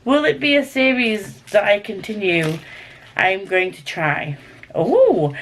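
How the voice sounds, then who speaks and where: A young woman with a Scottish accent chatting casually to camera about her books, rambling and excitable. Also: medium pitch, takes it slowly, a little hiss or hum. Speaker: book vlogger.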